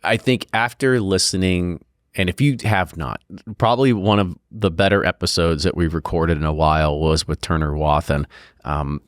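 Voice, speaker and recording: A low-pitched man hosts a casual podcast news roundup, reading items aloud and then joking about them. His voice is close and dry on a studio mic, with no room sound. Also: clean tone, no room sound. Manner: chatty, jokey, reads items then riffs.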